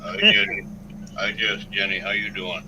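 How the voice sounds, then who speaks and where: A man chimes in on a livestream through a remote call with short, dry, teasing lines. His voice sits low, and the call audio carries clear noise. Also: level tone, normal speed. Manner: dry, teasing one-liners. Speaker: co-host. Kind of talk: casual livestream chat.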